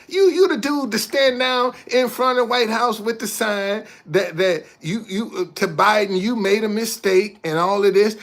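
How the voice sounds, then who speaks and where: A man hosting a casual livestream, talking back to commenters in an animated, repetitive way and laughing often. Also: sits high, moderate pace, few pauses. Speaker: livestream host.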